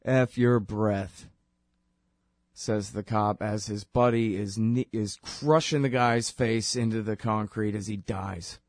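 A man's voice: fairly low pitch, fairly even intonation, a little slow, few pauses, dry recording. A man hosting a political commentary show, talking in a sarcastic, impassioned way. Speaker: show host.

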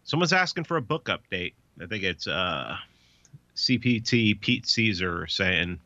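Deep, lively man on a muffled line. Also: unhurried, no echo. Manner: laughing, easygoing, swears casually. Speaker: co-host and editor. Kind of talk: casual chat on a call.

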